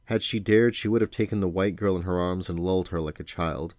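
In a dry recording free of echo, a father with a deep voice reads a novel to his children. His narration stays steady and unhurried.

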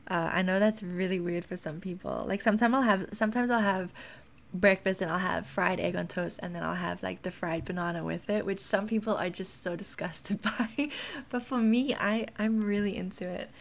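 A woman's voice: medium pitch, steady tone, moderate pace, creaky. A woman from South Africa with a mixed South African accent, chatting casually in a vlog, rambling with lots of ums. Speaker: wellness content creator.

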